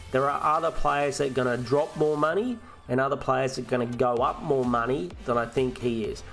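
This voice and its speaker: Gravelly Australian man ranting casually. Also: mid-range voice. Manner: ranting and swearing, with frequent restarts. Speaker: host of a fantasy football live stream. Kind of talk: casual live-stream chat.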